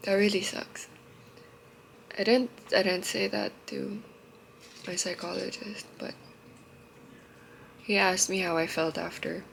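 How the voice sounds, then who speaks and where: A young woman records a confessional vlog through tears. Her voice is gravelly with fry and unhurried, halting and heavy with emotion. She often sinks into soft, trailing murmurs. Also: medium pitch, steady tone, slight background noise, rough recording. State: tearful. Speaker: vlogger.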